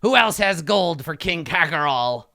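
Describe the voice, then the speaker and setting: Gm doing a pompous little kobold king, high bright voice, slow grand proclamations, dry sound. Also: expressive, vocal fry, no room sound, full character voice. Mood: grandiose. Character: pompous male kobold king, small and boastful.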